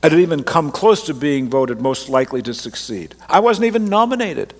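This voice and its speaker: Pastor with an Australian-Canadian accent. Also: male voice, fairly high pitch, sing-song, brisk. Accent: mixed Australian and Canadian. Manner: self-deprecating, conversational preaching. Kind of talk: sermon. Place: large church auditorium on stage. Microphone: stage microphone. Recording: long hall reverb.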